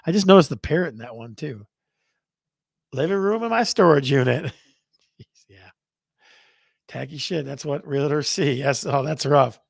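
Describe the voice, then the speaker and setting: On a casual real estate livestream, a man plays host, reading viewer comments and calling out contest countdowns in a playful way. He speaks at a moderate pace with frequent pauses, his higher, lively voice creaky and slightly rough, captured in studio quality with no echo.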